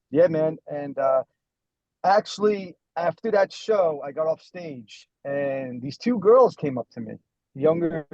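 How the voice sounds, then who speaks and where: A man's voice: on the high side, a little mellow, no echo, highs cut off. A man who sings lead in a band, chatting casually in a rambling, self-deprecating way with many restarts. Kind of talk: casual chat.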